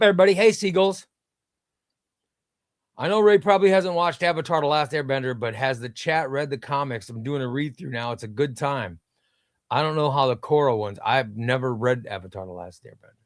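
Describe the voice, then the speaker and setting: Midwestern man hosting a livestream, chatty, reads chat aloud, fairly high voice, dry close sound. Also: no echo. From United States. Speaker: livestream host. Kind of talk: casual live-stream chat.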